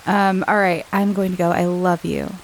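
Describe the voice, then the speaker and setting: Podcast host, woman, lowish voice, slightly hoarse from a cold, rambling and chatty with easy laughs. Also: level tone, moderate pace, a little hiss or hum, low-quality recording. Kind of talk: casual chat to listeners.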